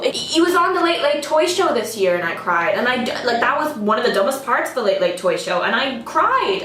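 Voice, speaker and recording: A woman's voice: a little high, a bit bright, reverberant, recorded from a distance. A woman, telling stories in a casual, self-mocking vlog and jumping to sudden squeals. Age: 20s. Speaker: vlogger.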